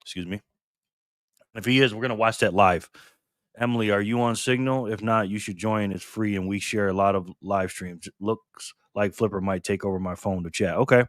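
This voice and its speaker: A man's voice: fairly low pitch, steady tone, moderate pace, fairly bright tone, dry recording, clean studio sound. An upbeat man hosting a live stream, chatting casually and greeting viewers by name. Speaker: livestream host. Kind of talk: casual live stream chat reading comments.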